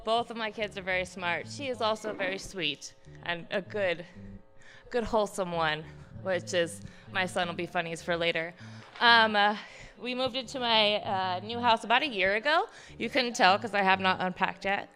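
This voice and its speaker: A woman's voice: medium pitch, moderate pace, pushed and bright, faint music behind. A woman in her thirties doing a self-deprecating stand-up set about her kids at a live comedy show, with lots of ums. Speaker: stand-up comic. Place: live comedy club stage.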